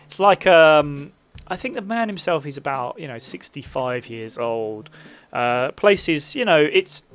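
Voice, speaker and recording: Man running a tabletop game, rambling narration, slightly high voice. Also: animated, measured pace, fairly bright tone, clean tone. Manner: rambling, full of fillers and laughs. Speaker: game master.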